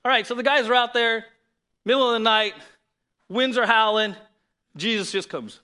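A man preaching a sermon to his church, lively and conversational, reading scripture aloud and then explaining it. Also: very high voice, moderate pace, smooth. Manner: lively, conversational preaching with sudden loud emphasis. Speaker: pastor.

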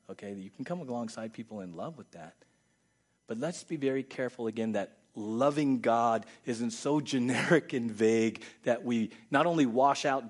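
A man preaching a sermon, addressing the congregation with rhetorical questions, swinging from low, quiet stretches to high, loud ones. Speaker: pastor.

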